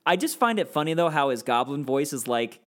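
A man in casual conversation about a film, relaxed and rambling, joking around. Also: on the high side, brisk. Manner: relaxed, rambling, jokes and tries out voices. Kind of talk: casual chat about a movie.

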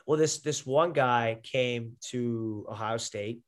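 A man's voice: mid-range voice, slow. A young man, a podcast guest and former wrestler, telling stories casually with lots of fillers and restarts. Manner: rambling, filler-heavy storytelling. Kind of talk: casual conversation.

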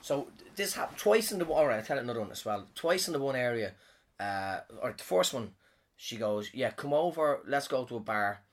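A man's voice: mid-range voice, expressive, normal speed. A man who performs comedy, telling a rambling story in a casual way. He swears a lot and often trails off and restarts. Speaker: comedian and podcast host.

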